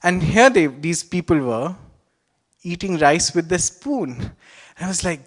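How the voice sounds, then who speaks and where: A man's voice: high voice, animated, moderate pace. A young man with an Indian accent telling a personal story on stage, reflective and wry. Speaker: student storyteller.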